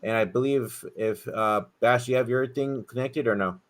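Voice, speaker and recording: A man hosting a sports podcast, introducing guests in a laid-back, brisk way. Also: medium pitch. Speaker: podcast host.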